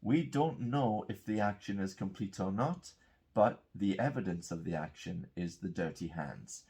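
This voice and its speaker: A man's voice: low voice, expressive, a little slow, gravelly, mellow, slightly rough. A man teaching English grammar, patiently explaining example sentences and checking in with "okay?". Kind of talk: grammar lesson.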